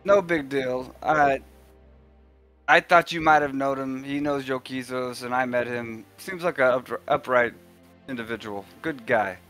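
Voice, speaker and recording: A man at a tabletop game speaking as his character, halting and full of fillers, often laughing. His voice is bright and forward, with an ordinary middle pitch. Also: faint music behind. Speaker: player. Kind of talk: tabletop role-play, in and out of character.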